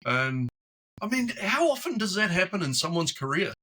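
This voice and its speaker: A man with a high-pitched, slightly breathy voice speaks at a moderate pace while guesting on a podcast. In this casual storytelling interview he's chatty and animated, doing the voices of the people in his anecdotes.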